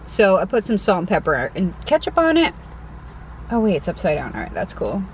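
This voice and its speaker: A woman's voice: mid-range voice, wildly swooping pitch, fairly quick, a little hiss or hum, low-quality recording. A young woman with a Connecticut accent, chatting casually and self-deprecatingly as she eats in a parked car for her eating vlog. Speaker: mukbang vlogger.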